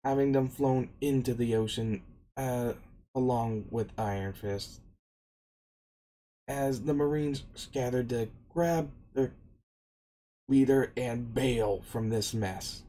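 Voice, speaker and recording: A man's voice: medium pitch, slow pace, long pauses, warm tone, poor audio. A man casually retelling an anime story, meandering along and restarting his sentences often. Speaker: anime recap narrator.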